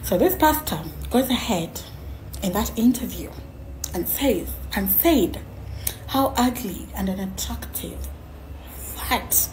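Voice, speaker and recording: A woman's voice: mid-range voice, takes it slowly, background noise. Indignant young woman venting to camera. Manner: expressive, indignant, switching to hushed asides. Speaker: influencer. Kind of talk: emotional selfie video.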